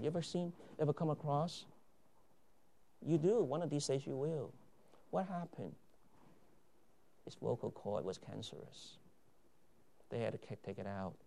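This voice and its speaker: Gravelly-voiced male preacher. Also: fairly low pitch, slight background noise. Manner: emphatic preaching, swinging from loud declarations to quiet asides. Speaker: pastor. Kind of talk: sermon.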